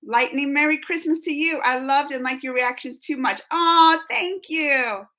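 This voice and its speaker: A young woman hosting a live stream, chatting casually with viewers, reading comments and laughing often as she gushes with excitement. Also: sits high, measured pace.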